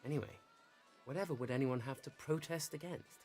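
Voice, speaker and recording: A man's voice: mid-range voice, fairly quick, a little mellow, soft background music, close to an everyday voice. A man playing an earnest, friendly schoolboy in an audio drama.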